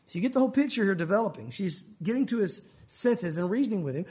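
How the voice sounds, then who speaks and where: High-voiced animated preacher. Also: male voice, fast, hardly any pauses. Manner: animated storytelling, conversational. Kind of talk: expository sermon.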